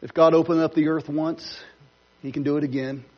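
A man's voice: a little high, flat delivery, fairly quick, lo-fi sound. A man pastor preaching a sermon in a church, conversational with playful asides. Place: church sanctuary.

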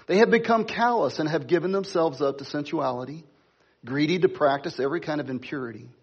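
A middle-aged man preaching a sermon, stressing key words slowly and talking to the congregation in asides. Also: on the high side, slightly rough, lo-fi sound. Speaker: pastor.

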